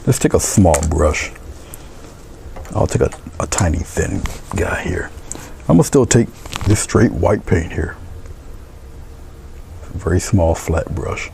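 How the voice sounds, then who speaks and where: A man teaching painting step by step, calm and encouraging, his words often trailing off into soft murmurs. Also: sits low, takes it slowly, creaky, long pauses, a little hiss or hum. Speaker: painting instructor.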